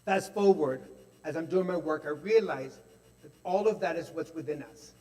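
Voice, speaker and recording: Brief: male preacher, higher-pitched voice, animated testimony full of "like" and "right?", long reverb hall. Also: normal speed. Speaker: speaker at a spiritual center service. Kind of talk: testimonial sermon. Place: large hall at a spiritual center.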